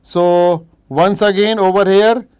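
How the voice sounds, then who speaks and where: Indian guy doing a live online exam revision class, smooth resonant voice, bit high, answers the chat and drops into hindi now and then. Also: steady tone, takes it slowly, a little mellow. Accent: Indian English. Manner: explains cases while reading out viewers' chat answers; mixes in Hindi asides. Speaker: medical exam teacher.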